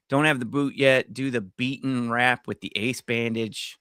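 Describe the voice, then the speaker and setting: A middle-aged man, co-hosting a podcast and telling an animated story in casual chat, swearing freely. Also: medium pitch, unhurried, clean tone, no room sound, studio quality. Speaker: podcast co-host.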